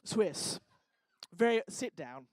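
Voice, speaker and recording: A woman's voice: medium pitch, animated, slow, a little mellow, no room sound. A woman hosting a live event on stage, teasing and joking with the audience in casual crowd work. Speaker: event host. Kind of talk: stand-up style crowd work. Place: lecture hall stage.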